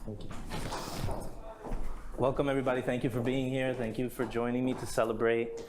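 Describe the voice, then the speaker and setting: A man's voice: medium pitch, level tone, brisk. Man, event moderator, effusive and chatty, live room recording, audible background noise. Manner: warm, effusive, laughing often with many fillers. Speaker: session moderator. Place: live literary event venue.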